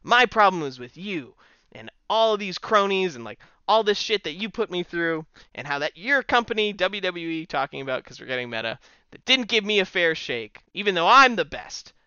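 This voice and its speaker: A man's voice: high-pitched, sing-song, normal speed, pushed and bright, smooth, no echo, lo-fi sound, pitched above the performer's own voice, exaggerated voice. A man voicing a male wrestler defiantly confronting his rival. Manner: heated, emphatic in-character promo.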